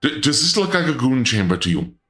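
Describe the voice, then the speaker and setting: Flustered man streaming as a dark lord. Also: sing-song, a little fast. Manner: flustered and indignant, with sudden high-pitched outbursts; stammers and restarts often. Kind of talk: casual livestream chat in a dark lord persona.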